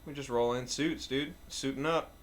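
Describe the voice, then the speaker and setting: A man's voice: medium pitch, steady tone, normal speed, a little hiss or hum. A man hosting a podcast, wrapping up with hyped, profane banter. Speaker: podcast host. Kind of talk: casual chat.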